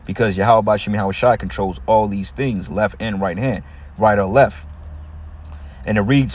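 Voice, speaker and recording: A man with a fairly low voice preaches in a relaxed, street-talk style. He slows down to read each verse, then breaks into loose, blunt commentary. A vehicle can be heard in the background. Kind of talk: informal scripture teaching.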